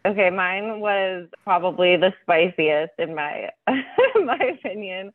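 A woman in a casual book-club chat, unhurried and giggly. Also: lowish voice, no room sound. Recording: dry, tinny phone-like line.

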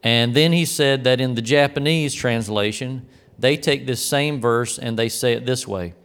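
A man talks through a devotional teaching in an earnest, reflective way, pausing to restart a phrase now and then. His voice is smooth and resonant, sitting at an ordinary middle pitch for a man. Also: fairly bright tone.

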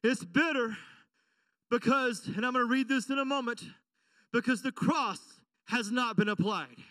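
A man's voice: very high voice, moderate pace, sharp tone, no room sound, far from the mic. A man preaching as pastor, emphatic and repetitive, often checking in with the congregation. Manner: emphatic preaching with repeated call-and-response questions. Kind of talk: sermon. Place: church.

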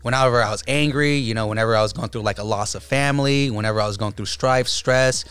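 A man's voice: mid-range voice, quick pace, a bit bright, smooth, dry recording. A man in a casual chat, a breakdancer telling stories in a laid-back way, laughing often and imitating his friends.

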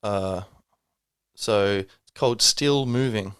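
A man's voice: fairly low pitch, slow, a bit bright, smooth, dry recording, clean studio sound. A man hosting a solo podcast, talking reflectively and rambling, with many fillers and restarts. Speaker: podcast host.

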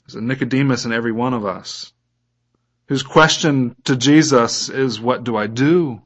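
A man's voice: medium pitch, moderate pace, lo-fi sound. A man preaching a sermon as a pastor, reading scripture aloud and putting questions to his listeners.

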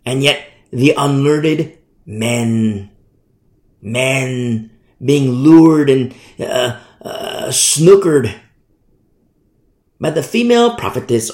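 A tired man preaching a sermon in a lively way, acting out the people he quotes. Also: medium pitch, drawn-out words, pauses often, reverberant. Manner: animated, mimics the people he quotes. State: tired from no sleep.

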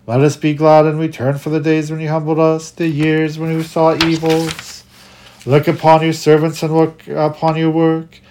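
A reader reciting liturgical prayers and psalms in a steady cadence, with occasional stumbles and restarts. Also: medium pitch.

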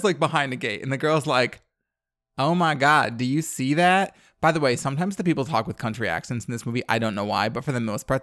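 A man's voice: on the high side, a bit bright, dry recording, studio quality. A young man co-hosting a podcast, recapping a movie in rambling casual chat full of "like" and laughter. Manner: rambling, filler-heavy, laughing often. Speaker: podcast co-host.

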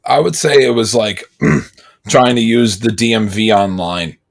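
Low-voiced man telling a rambling story. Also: unhurried, creaky. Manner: rambling storyteller, animated when quoting others. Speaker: podcast co-host. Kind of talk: casual chat.

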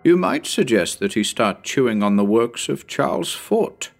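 A man doing a squeaky, cranky old professor. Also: a little slow, vocal fry, faint music behind, heavily acted. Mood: dry. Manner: severe, contemptuous, excitable.

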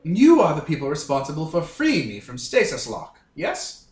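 A man's voice: a little high, wildly swooping pitch, normal speed. A man voicing a snooty, pompous ancient robot shuttle in a fake British accent, with grand formal phrasing. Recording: roomy recording, faint music.

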